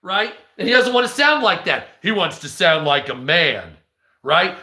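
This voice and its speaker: High, bright-voiced man ranting. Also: unhurried, reverberant. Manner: profane, animated, acts out quoted voices. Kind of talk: casual ranting commentary.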